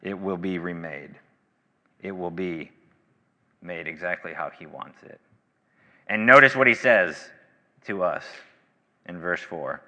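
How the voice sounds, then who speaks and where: A man preaching a sermon as pastor, earnest and emphatic, swinging from loud declarations to quiet, low passages. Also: takes it slowly, long pauses, in a large hall. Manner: earnest, rising to emphatic bursts then dropping low.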